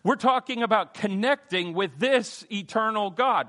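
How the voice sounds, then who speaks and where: A man's voice: expressive, unhurried, few pauses. A man teaching a sermon on scripture, emphatic and repetitive, swinging his voice up and down to stress key points. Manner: emphatic, repeats key phrases, wide swings in pitch and loudness. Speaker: preacher.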